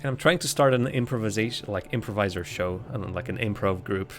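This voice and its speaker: A man's voice: on the low side, fast, music in the background. A man streaming a game live, chatting casually, laughing often and poking fun at himself. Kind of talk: casual live gameplay commentary.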